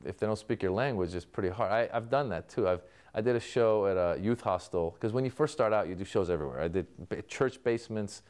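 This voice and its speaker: A man, a comedian, talks through an interview in a storytelling manner, acting out old exchanges with people. His voice sits on the lower side and comes across smooth and resonant. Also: quick pace, a little mellow. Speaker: comedian guest. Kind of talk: interview answers.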